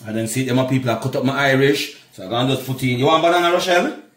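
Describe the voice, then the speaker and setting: A man's voice: mid-range voice, rapid-fire, fairly bright tone, roomy sound. Chatty Jamaican man, cooking vlog. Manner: chatty, keeps calling viewers "my people". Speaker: cooking vlogger.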